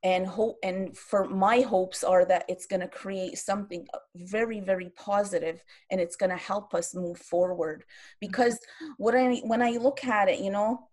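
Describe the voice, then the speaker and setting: A woman's voice: mid-range voice, steady tone, moderate pace, a little mellow. Earnest woman from Quebec speaking. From Quebec, Canada. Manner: earnest, impassioned, with frequent restarts. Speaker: round-table panelist. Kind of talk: online round-table talk. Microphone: video call.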